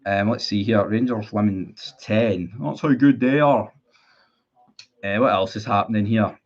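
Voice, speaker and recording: Ranting Scottish football fan, lo-fi. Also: male voice, lowish voice, measured pace. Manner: swearing, heated, repetitive. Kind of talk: ranting live stream chat.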